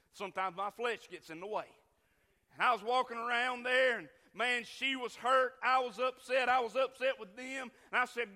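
A traveling preacher with a high, bright voice delivers a sermon, telling his story with feeling. He swings between loud outbursts and near-whispers, and a long reverb makes it sound like a church hall.

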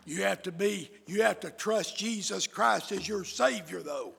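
A male preacher who preaches in bursts, shouting his emphatic lines, with many "uh" fillers. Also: high voice, unhurried, gravelly, husky. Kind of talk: fiery sermon. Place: church. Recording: echoey hall with long reverb.

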